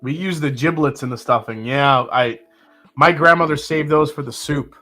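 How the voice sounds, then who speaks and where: A man's voice: on the high side, moderate pace, soft background music. A man hosting a live whiskey tasting, chatting casually and reading out viewer comments. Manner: relaxed, chatty, with fillers and sips. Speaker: whiskey livestream host.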